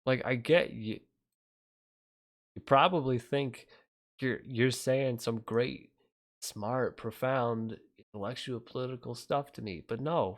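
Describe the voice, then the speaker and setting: Casting: male livestreamer, mid-pitched, angry profane rant, rambling delivery. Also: slow, pauses often.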